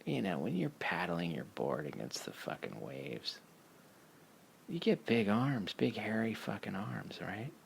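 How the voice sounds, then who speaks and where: Guy with a raspy gravelly voice telling a story slow, swearing a lot and laughing. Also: on the low side, slight background noise. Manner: profane, laughing, animated. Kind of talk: casual spoken storytelling.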